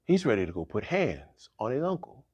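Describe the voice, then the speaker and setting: A man telling a story as a casual youth sermon, animated and slangy, repeating phrases for effect, with a husky voice. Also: medium pitch, moderate pace, highs cut off. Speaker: youth preacher.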